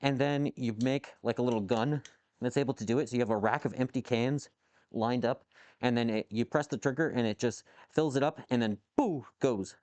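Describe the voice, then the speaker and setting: A man's voice: medium pitch, fairly quick, darkish tone, no echo. A man casually chatting with viewers on a live stream from his workshop, rambling, swearing and reacting to chat. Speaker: livestreamer answering chat while machining. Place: home workshop with a lathe.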